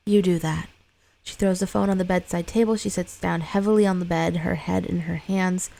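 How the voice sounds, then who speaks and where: A woman's voice: on the low side, little pitch movement, brisk, creaky, mellow. A woman reading a screenplay aloud, stage directions and all, breaking off for blunt, sweary side comments. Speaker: script reader.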